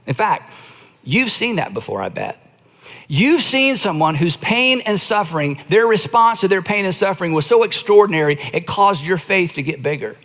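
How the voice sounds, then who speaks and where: A middle-aged male pastor preaching a conversational sermon, slowing down to dramatize quoted lines. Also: high voice, very animated, a bit bright, big-room sound. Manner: conversational preaching, acts out quoted lines with slow emphatic phrasing.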